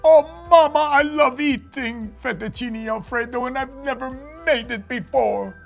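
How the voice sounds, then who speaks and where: A man voicing a cheerful young male puppet who tells a cooking story in a chatty, excitable way for a children's puppet show. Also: extremely high pitch, unhurried, gravelly, faint music behind, full character voice. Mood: excited storytelling.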